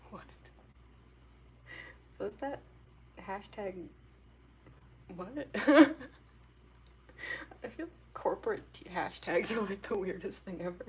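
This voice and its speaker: A woman's voice: medium pitch, expressive, slow pace, pauses often, slight background noise. A young woman chatting casually with her viewers during a drawing livestream. She giggles often and talks in a loose, rambling way with lots of fillers. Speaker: artist livestreamer.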